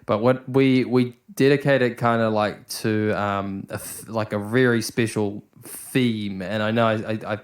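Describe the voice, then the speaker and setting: A man's voice: fairly low pitch, steady tone, measured pace, hardly any pauses. A young man hosting a casual podcast chat, rambling with lots of restarts and the odd swear word. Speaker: podcast host.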